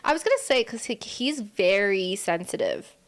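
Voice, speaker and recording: A woman's voice: mid-range voice, animated, normal speed. A woman co-hosting a podcast in casual chat, cutting in with playful jokes. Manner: playful, jokey interjections. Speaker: podcast co-host.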